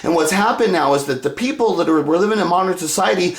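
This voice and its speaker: A man talking in a rambling monologue, restarting his sentences, swearing a lot and working himself up into shouting rants. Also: high voice, expressive, fast, few pauses. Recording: echoey room.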